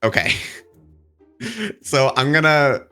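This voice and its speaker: A man's voice: fairly high pitch, very animated, slow pace, pushed and bright, faint music behind. A man playing a tabletop game, describing his character in a hesitant, playful way. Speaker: player. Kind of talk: tabletop role-play, casual.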